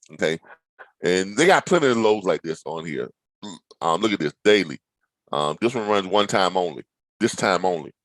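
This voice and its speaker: A man, a logistics trainer walking viewers through a load board, animated and playfully dramatic with teasing asides. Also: low-pitched, dry recording, poor audio. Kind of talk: screen-share tutorial talk.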